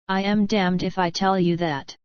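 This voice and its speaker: A woman voices a cool-headed young male outlaw who answers with quick, dignified defiance. Her medium-pitched delivery is level, smooth and natural, with no room sound, though the recording is dull and lo-fi.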